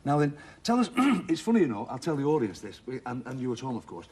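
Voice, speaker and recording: A man's voice: mid-range voice, big pitch swings, fast, warm tone. A middle-aged man hosting a TV game show in a studio, jovial and teasing, chatting with contestants. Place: TV studio with audience.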